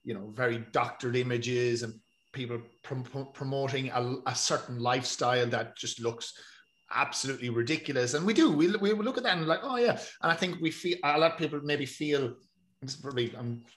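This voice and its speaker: A man's voice: medium pitch, fairly quick, a bit bright. An Irish man in casual chat, rambling and swearing freely as he tells stories. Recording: echoey room.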